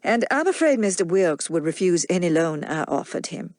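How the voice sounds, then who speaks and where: A woman voicing a smooth, crafty grown man who coaxes and persuades without hurrying. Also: fairly low pitch, big pitch swings, normal speed, a little mellow, dry recording. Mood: persuasive.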